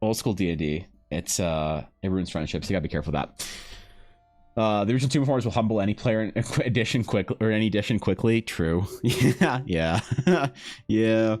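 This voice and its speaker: A man streaming live, telling a story in casual talk. He swears freely, laughs often, and swings between loud bursts and low, muttered asides. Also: brisk, faint music behind. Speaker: livestreaming artist.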